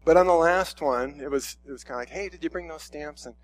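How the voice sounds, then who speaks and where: A man's voice: fairly high pitch, fast. A middle-aged man preaching a sermon in a conversational, storytelling way, often restarting his sentences. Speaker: pastor.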